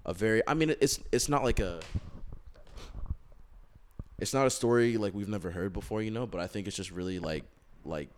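A man's voice: lowish voice, normal speed, pauses often, slight background noise. A man co-hosting a casual music chat, talking in a loose, rambling way with many fillers. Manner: rambling, lots of likes and ums. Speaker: podcast co-host.

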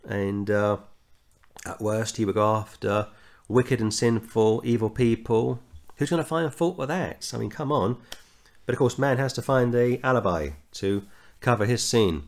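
A man's voice: lowish voice, a little slow. A middle-aged Englishman, teaching a verse-by-verse Bible study and telling anecdotes, earnestly reading scripture with rising emphasis. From England.

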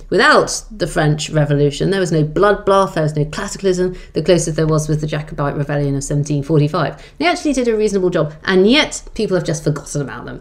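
A middle-aged woman author telling history with wry, lively storytelling in an interview. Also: low voice. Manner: lively, wry storyteller who acts out quoted lines.

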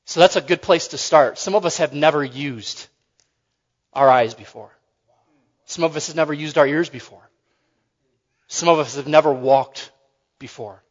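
A man's voice: a little high, moderate pace, pauses often, in a large hall, highs cut off. A man preaching a sermon in a loose, conversational way, joking and often restarting his phrases.

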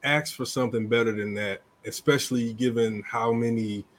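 A man in casual podcast chat with a middle-pitched voice. He talks emphatically, and his pitch leaps up sharply whenever he drives a point home. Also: normal speed, slight background noise. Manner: animated, emphatic, jumps up in pitch to stress points.

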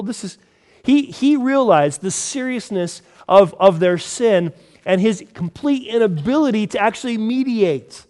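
Animated storytelling preacher, slightly high voice. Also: male voice, brisk. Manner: conversational storytelling, animated, acts out quotes. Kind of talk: sermon.

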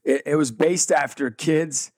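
A man's voice: fairly high pitch, no echo. A man guest telling a story with lots of energy in an interview, acting out both sides of the dialogue. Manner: energetic, fast-shifting, acts out dialogue. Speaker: guest, ministry founder.

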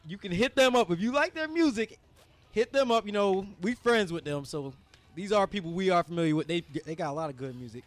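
A man's voice: sits high, expressive, brisk, dry recording. A man hosting a casual studio talk show, joking and laughing often. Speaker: host.

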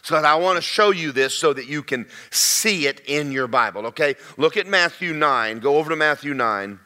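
Preacher guy, older, kinda high bright voice, folksy and emphatic. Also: lively intonation. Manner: folksy, emphatic, slows down to stress words. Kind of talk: sermon.

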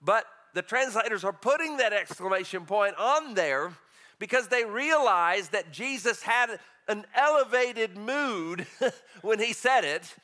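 Male preacher, bright and forceful tone, chatty animated delivery with light chuckles. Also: high-pitched. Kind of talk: sermon.

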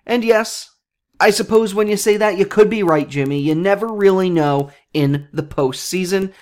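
A man's voice: high voice, moderate pace. A young man hosting his own sports podcast, chatting casually in a jokey, self-deprecating way that rambles and restarts. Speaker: podcast host.

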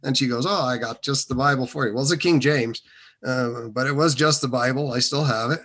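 A man's voice: mid-range voice, a little fast, fairly bright tone, breathy edge. Rambling man telling his faith story. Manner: rambling, many restarts and fillers. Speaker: interview guest. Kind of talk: casual testimony.

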